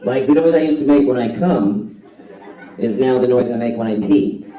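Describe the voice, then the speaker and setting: A man's voice: mid-range voice, normal speed, recorded from a distance. A man doing a stand-up comedy set, playful, with exaggerated exclamations. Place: large hall with live audience. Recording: echoey hall with crowd. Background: audience laughter.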